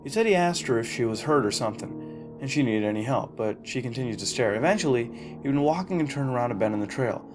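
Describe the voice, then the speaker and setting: A man's voice: medium pitch, expressive, fast talker. A man reading a first-person horror story aloud in a casual, profane way, with fillers and restarts. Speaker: narrator. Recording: narration over music.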